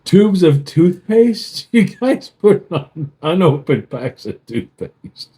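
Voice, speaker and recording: A man's voice: high-pitched, sing-song, slow, warm tone. A middle-aged man co-hosting a casual beer show, telling profane stories and laughing as he acts out quotes. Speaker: co-host of a beer review show. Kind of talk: casual banter, storytelling.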